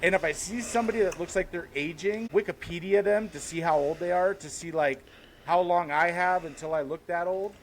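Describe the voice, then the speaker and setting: A man's voice: sits high, brisk, a little hiss or hum. A man in his forties, a podcast co-host, rambling through casual, profane stories. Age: 40s. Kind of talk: casual chat.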